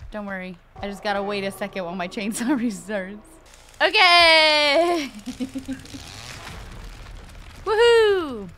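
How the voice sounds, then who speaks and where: A woman giving playful, excitable gameplay commentary, swearing freely and shrieking at the game. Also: mid-range voice, quick pace, few pauses, slight background noise. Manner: playful sing-song greetings to other players. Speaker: gaming video creator.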